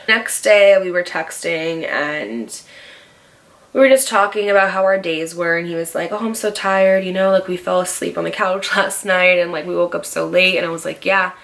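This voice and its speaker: Bright-voiced young woman in her twenties, casual storytime vlogger, chatty and swears a lot. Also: on the low side. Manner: chatty, heavy on "like", swears freely.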